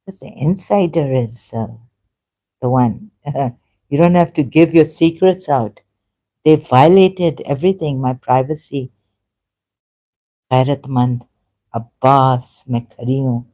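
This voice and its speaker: A woman vlogger speaking in an earnest, halting personal monologue, pleading with her viewers. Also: very deep voice, dark tone.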